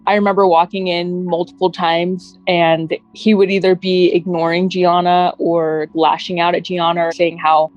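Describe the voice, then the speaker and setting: A woman's voice: fairly low pitch, darkish tone. A woman candidly recalling events as an interviewee on a podcast. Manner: candid, plainly spoken recollection. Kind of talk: personal account, podcast interview. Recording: dull lo-fi recording with faint music. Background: faint music.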